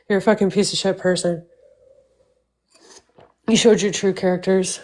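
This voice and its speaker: A woman's voice: medium pitch, fairly even intonation, normal speed, pauses often, a little mellow, poor audio. A woman livestreaming, ranting at length in a heated, profane, repetitive way.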